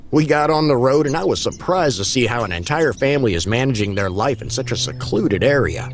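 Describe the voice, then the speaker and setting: A man reading a spooky story aloud in steady storytelling narration. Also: mid-range voice, fairly quick, few pauses, slight background noise.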